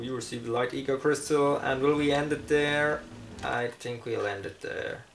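A man's voice: mid-range voice, steady tone, moderate pace, vocal fry, far from the mic, a little hiss or hum. A man giving casual gameplay commentary, rambling and poking fun at himself as he plays. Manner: rambling, self-mocking, jokey asides. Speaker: let's play commentator.

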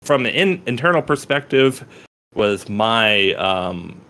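A man's voice: medium pitch, big pitch swings, slow, bright, forceful tone. A young man co-hosting a casual chat about poetry, rambling with many restarts, swearing freely and laughing often. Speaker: podcast co-host.

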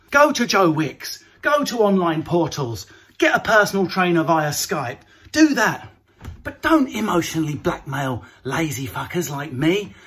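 A man doing a comedy rant to camera, animated and mocking, jumping into put-on voices. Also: a little high, unhurried, breathy edge.

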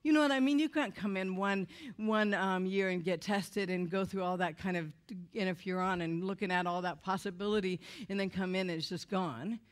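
A middle-aged woman tells her testimony to a church crowd. She speaks in an earnest, animated way, pushing her voice up when she is heated and letting it sink low and quiet when she is moved. Her pitch sits in an ordinary middle range for a woman. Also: moderate pace. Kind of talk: emotional testimony talk to a church audience.

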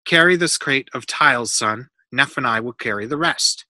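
A man's voice: medium pitch, pushed and bright, no echo. A man voicing a stern, hardworking middle-aged father in a read-aloud storybook. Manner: stern, hurried.

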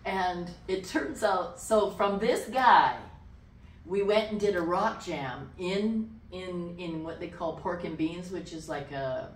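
A woman pastor telling a personal testimony in an interview, animated, dropping to a whisper when she quotes voices. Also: on the low side, slow. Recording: echoey room, distant mic.

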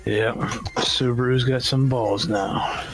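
A man's voice: mid-range voice, fairly even intonation, takes it slowly, low-quality recording. A man chatting casually while gaming, rambling with lots of filler words.

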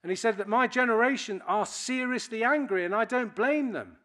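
Addressing an audience as a keynote speaker, this sixty-something Briton shares wry anecdotes. His voice is very high-pitched and sharp in tone, and he talks briskly.

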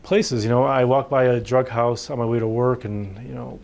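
A man's voice: mid-range voice, level tone, normal speed, creaky, darkish tone. A man, a physician, giving an informal workshop talk on addiction, conversational and full of fillers. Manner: conversational, full of fillers, acts out patients' words. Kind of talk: informal lecture.

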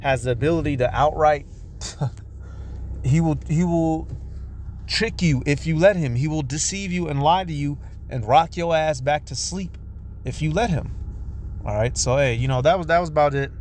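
A man giving an informal, profane religious teaching from inside a car, blunt and halting, often stumbling over his words. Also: fairly high pitch, darkish tone, a little hiss or hum. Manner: blunt and profane, with street slang. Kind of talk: informal preaching monologue.

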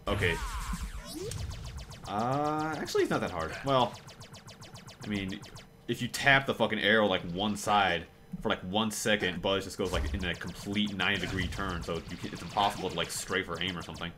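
A man's voice: sits low, moderate pace, bright, forceful tone. A man giving casual gameplay commentary, rambling and swearing freely with lots of fillers and restarts. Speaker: let's play commentator. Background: game music.

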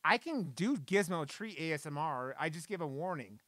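A man's voice: on the high side, animated, moderate pace, fairly bright tone, no room sound. A man live-streaming from his desk at home, chatting in a playful way and swearing casually.

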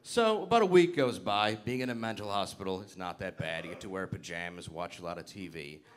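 A man doing stand-up comedy, telling an animated story that builds to frantic shouting. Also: deep voice, a little fast.

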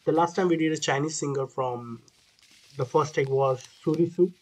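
Halting man reacting to music. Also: fairly high pitch, a little mellow, rough recording. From India. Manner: halting, reads careful learner Japanese with many pauses. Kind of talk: casual reaction commentary.

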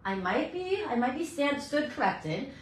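A middle-aged woman hairstylist chatting brightly while she demonstrates hair toning in a salon, teaching as she works. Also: sits high, very animated, measured pace. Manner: bubbly, chatty, talks while working. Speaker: hairstylist educator. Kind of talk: live hair coloring tutorial. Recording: echoey room.

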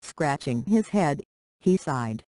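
Synthetic storyteller, steady mid-range delivery, dry close recording. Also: mid-range voice, slow, no echo, poor audio. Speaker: narrator. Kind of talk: reading a short story aloud.

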